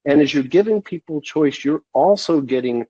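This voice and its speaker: A man being interviewed on a podcast, telling a story at a steady, measured pace. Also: a little high, husky, no room sound. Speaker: guest, sales consultant. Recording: dull, dry lo-fi sound.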